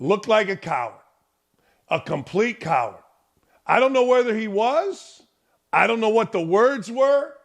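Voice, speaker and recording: Male sports show host with a high, bright voice; blunt, opinionated, punchy delivery. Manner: blunt, emphatic, rising into shouts. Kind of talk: opinionated sports talk rant.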